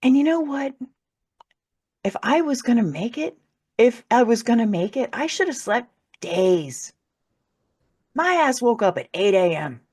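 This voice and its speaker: A woman's voice: on the high side, animated, moderate pace, mellow, slightly rough. A woman who is an author and podcast guest, candidly telling a personal story and swearing freely. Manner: candid, swears freely, laughs through hard moments. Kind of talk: emotional personal storytelling in conversation.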